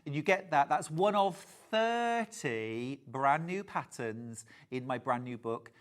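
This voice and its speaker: A man's voice: fairly high pitch, animated, slow pace. A man hosting a live TV shopping sale, chatty and gushing, reading out viewers' messages and calling them darling. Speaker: shopping channel host. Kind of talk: live TV shopping sales pitch.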